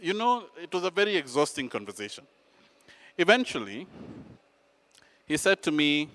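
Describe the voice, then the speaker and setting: Animated male storyteller. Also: a little high, moderate pace, long pauses, dry recording. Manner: animated, dramatic, self-mocking. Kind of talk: personal storytelling.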